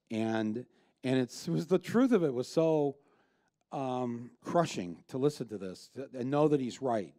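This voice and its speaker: Blunt, emphatic man speaking onstage, mellow tone. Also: medium pitch, expressive, measured pace. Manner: blunt, emphatic, profane, with frequent restarts and fillers. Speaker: filmmaker guest. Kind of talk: onstage conversation before an audience. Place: live event with an audience.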